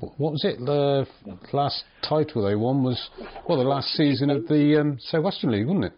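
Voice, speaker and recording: A man's voice: medium pitch, moderate pace. A man hosting a casual football podcast, asking easygoing, teasing questions. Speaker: podcast host, interviewer. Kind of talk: casual interview. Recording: dull lo-fi sound.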